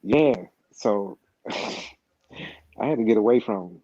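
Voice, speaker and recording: Low, dark-voiced man rambling through a story. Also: lively intonation, slow pace, no echo. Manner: rambling, profane, repeats words and restarts often. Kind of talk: casual storytelling. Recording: slightly dull, lo-fi sound.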